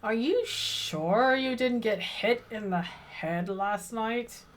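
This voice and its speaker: A woman voicing a guarded, grumpy woman who speaks curtly and slowly. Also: a little high, a little hiss or hum.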